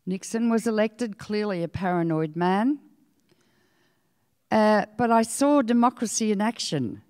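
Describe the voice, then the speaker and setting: A woman's voice: medium pitch, lively intonation, unhurried, a little mellow, clear, resonant tone, no echo, clean studio sound, in a large hall. An older woman with an Australian accent giving a public lecture, telling stories in a frank, outspoken manner. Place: lecture hall.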